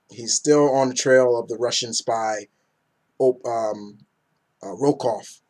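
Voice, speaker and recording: A man in his thirties runs a casual comic review, rambling with enthusiasm and tripping over names along the way. His voice sits at an ordinary middle pitch. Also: a little mellow.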